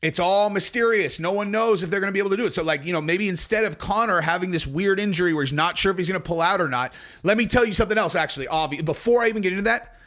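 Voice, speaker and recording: A man's voice: high-pitched, racing. A man hosting a channel of MMA commentary, ranting casually and animatedly to his viewers, swearing freely and spinning theories. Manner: animated, profane, speculative, talks straight to viewers.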